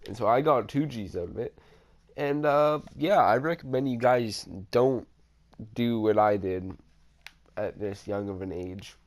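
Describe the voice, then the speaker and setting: A man talks into a home computer mic while gameplay runs, telling a story from his own life. He rambles, swears freely, and often restarts his sentences. His pitch is in the middle of the usual range for a man. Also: measured pace. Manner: rambling, profane, with many restarts and fillers. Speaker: storytime vlogger. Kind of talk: casual storytelling over gameplay.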